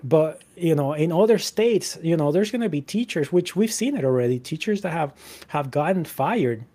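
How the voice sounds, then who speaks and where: A man's voice: a little high, lively intonation, moderate pace, dark tone. A man in casual Christian discussion, reading Bible verses aloud and talking conversationally with lots of "you know" and restarts.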